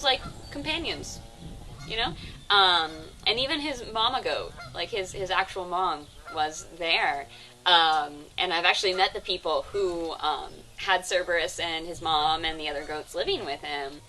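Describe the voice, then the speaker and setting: A woman's voice: lowish voice, pushed and bright, a little hiss or hum. A young woman guiding a casual outdoor sanctuary tour, talking loosely with lots of "um" and "like". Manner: chatty, full of fillers like "um" and "like". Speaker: animal sanctuary tour guide. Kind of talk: casual chat on a live virtual tour.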